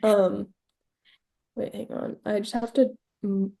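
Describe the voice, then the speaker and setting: A young woman co-hosts a casual comedy podcast and spins absurd tales with playful mock seriousness. Her voice sits at an ordinary middle pitch, and she keeps the chat loose and jokey. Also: steady tone, slow, vocal fry, dark tone. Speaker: podcast co-host.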